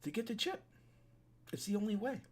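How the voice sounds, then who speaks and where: A man's voice: high voice, very animated, brisk, husky. A man giving an urgent, preachy solo monologue to his desk webcam, repeating his points and restarting his sentences. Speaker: online commentator. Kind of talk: solo warning monologue to camera. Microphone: webcam setup at a desk.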